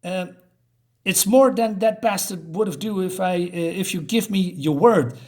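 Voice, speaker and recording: A man's voice: sits high, measured pace, darkish tone. A man voicing a pathetic male snake beast who whines and pleads, reading from a comic. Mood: pleading. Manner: whiny, pleading.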